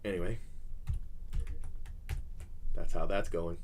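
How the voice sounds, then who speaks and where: A man's voice: sits low, steady tone, slow pace, darkish tone. A man hosting a card-break livestream, chatting casually in a teasing, rambling way.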